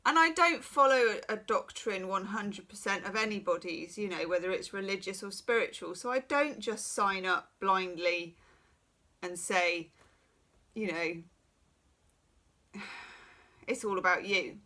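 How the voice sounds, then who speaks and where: A woman's voice: mid-range voice, slow, sharp tone. A middle-aged woman who is losing her voice, giving a frank, chatty private tarot reading full of reassuring asides. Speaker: tarot reader.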